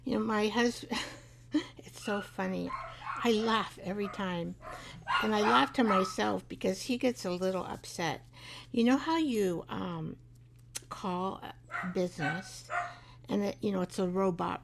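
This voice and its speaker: A woman's voice: mid-range voice, measured pace, vocal fry, very noisy. A middle-aged woman hosting a live craft show, chatting and rambling as she works, laughing often and talking to her craft pieces. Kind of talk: live craft tutorial chat.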